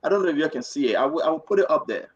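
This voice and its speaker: A man hosting a live political talk show, his voice high and very lively as it climbs and drops. He talks emphatically, repeats phrases, and reads quotes aloud to his listeners. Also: racing, breathy edge, highs cut off.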